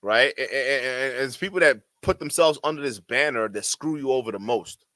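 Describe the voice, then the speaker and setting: A man's voice: mid-range voice, lively intonation, brisk, pushed and bright, no room sound, studio quality. A man hosting a livestream, giving heated, profane commentary in a ranting manner. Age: adult. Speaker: streamer host.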